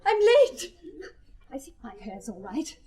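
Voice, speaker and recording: A woman's voice: high-pitched, huge pitch swings, measured pace, crowd noise, full character voice. An actress playing a shy, flustered young woman guest who talks in a fluttery, giggly way, in a 1960s recorded stage drama.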